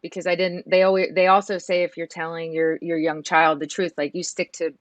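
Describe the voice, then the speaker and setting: A woman in her thirties, a guest in an emotional interview, speaking softly and earnestly with many halting restarts. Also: fairly low pitch, flat delivery, no room sound. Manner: soft and earnest.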